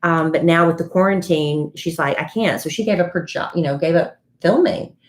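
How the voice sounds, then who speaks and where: A woman's voice: low-pitched, moderate pace. A woman co-hosting a podcast, chatting casually and telling celebrity gossip like a story. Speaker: podcast co-host. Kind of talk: casual chat.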